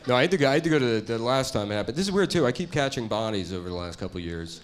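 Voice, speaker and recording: A middle-aged man doing stand-up, rambling in a deadpan way and trailing off into mumbles. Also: medium pitch, rapid-fire. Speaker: comedian. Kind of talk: stand-up comedy bit.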